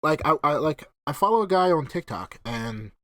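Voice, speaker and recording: A man rattling on in a casual podcast chat, excitable and profane. His pitch swings widely up and down as he tells stories, and he often breaks into laughs. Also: normal speed, no room sound. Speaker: podcast host. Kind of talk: casual gaming-friends chat.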